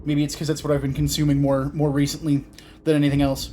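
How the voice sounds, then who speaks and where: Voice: mid-range voice, completely flat delivery, fast, noisy background. A gaming host giving casual, jokey commentary and reading the game's lines aloud. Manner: jokey, rambling, reads game dialogue aloud. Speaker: let's play host.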